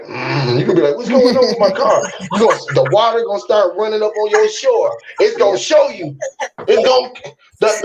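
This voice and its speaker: A man's voice: high voice, highs cut off, background noise. A man hosting a casual chat, rambling and swearing freely as he spins long metaphors about fish. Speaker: host of an online talk room.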